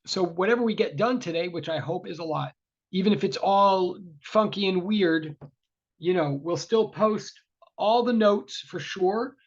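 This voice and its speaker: A man's voice: high voice, measured pace. A man teaching a university class over a video call, apologetic and flustered, chatty with many fillers and restarts. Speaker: university lecturer. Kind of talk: casual online class opening. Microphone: tablet microphone on a video call. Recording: dull lo-fi video call audio.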